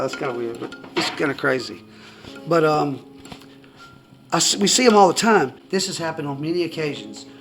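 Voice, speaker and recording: A man with a high voice talks to a camera in his country home and tells his faith testimony in a loose, rambling way. He stumbles, repeats himself and chuckles often. Faint music plays behind him. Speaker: person giving a religious testimony. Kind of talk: casual storytelling to camera. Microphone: camera in front of a seated speaker.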